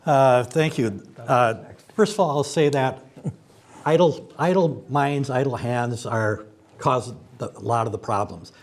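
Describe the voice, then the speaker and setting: A man answering as a candidate at a forum, earnest and steady. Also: mid-range voice, measured pace.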